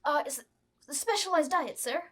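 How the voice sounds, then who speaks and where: A woman's voice: high-pitched, expressive, normal speed. A woman playing a long-serving male groom in a tabletop role-play, answering his employer in a dry, polite way. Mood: dry deferential.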